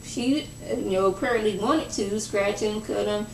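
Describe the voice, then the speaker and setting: A young woman chats through a reality show recap with a gravelly edge, dropping into a lower voice when she acts out what the cast said. She sounds a little off-mic, in an echoey room. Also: normal speed, recorded from a distance, slight background noise. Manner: chatty, gossipy, acts out quoted lines in lowered voice. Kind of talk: casual recap vlog.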